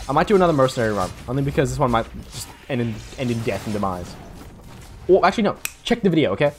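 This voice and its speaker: Rambling late-night gamer guy, faint music. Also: fairly high pitch. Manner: rambling, self-deprecating, swears freely. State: tired from recording late at night. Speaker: gaming YouTuber. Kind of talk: casual gameplay commentary.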